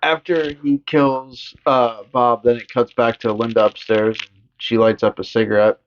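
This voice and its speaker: A man's voice: level tone, moderate pace, slight background noise. A man co-hosting a podcast, casually recapping a horror film in a profane, joking way. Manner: profane, jokey retelling with squeaky put-on voices for characters. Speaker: podcast co-host. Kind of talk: casual movie recap chat. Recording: dull lo-fi podcast audio.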